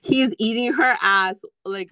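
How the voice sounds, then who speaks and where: A woman co-hosting a podcast, telling a crude story in casual chat with lots of swearing and a hoarse voice. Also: on the high side, measured pace, sharp tone, no room sound, studio quality. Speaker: podcast co-host.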